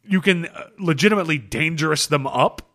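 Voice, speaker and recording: A man's voice: on the high side, brisk, pushed and bright. Tired, rambling man on a podcast. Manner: rambling, profane, laughs often. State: tired after a long session. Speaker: podcast co-host. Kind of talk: casual comic book podcast chat.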